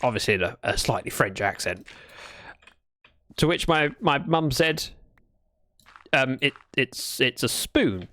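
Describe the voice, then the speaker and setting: A bright, forceful, mid-range voice, animated yet a little slow and given to long pauses, belongs to a Minecraft livestreamer. Playing along, the streamer chats casually and playfully and shares storytelling asides.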